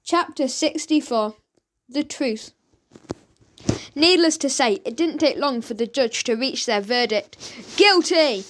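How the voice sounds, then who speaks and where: A woman narrating a children's audiobook in a lively, expressive reading. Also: high voice, unhurried, long pauses, slight background noise. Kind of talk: storybook narration.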